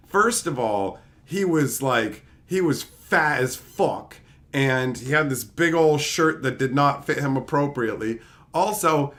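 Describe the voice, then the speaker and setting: A man with a slightly higher voice tells a rambling story, casual and full of swearing. He sounds tired from lack of sleep but stays animated, breaking into laughing asides. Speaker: channel host.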